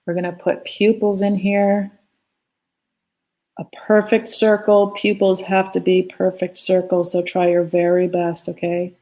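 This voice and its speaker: Recorded on a phone, a woman teaching a live online drawing class talks in a chatty, playful way while she sketches. Her lowish, mellow voice is a bit slow, with a flat delivery.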